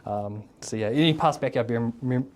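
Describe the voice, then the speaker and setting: A man's voice: medium pitch, a little fast. A man with a New Zealand accent, a mental health worker talking casually in an interview, rambling with lots of fillers and tag questions. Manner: rambling, full of fillers and "eh?" tags.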